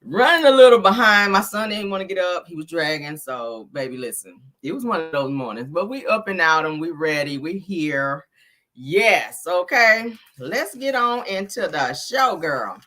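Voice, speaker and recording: A woman hosting a celebrity news live stream, giving casual gossip commentary in a sassy, expressive way, calling viewers honey and child. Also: on the low side, normal speed.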